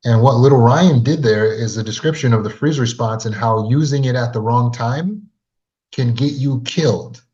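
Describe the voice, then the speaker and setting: A man with a warm, mid-range voice speaks at a moderate pace, coaching on trauma recovery. He tells a story to camera as a lesson and turns to the listener with earnest rhetorical questions. The recording sounds dull and lo-fi.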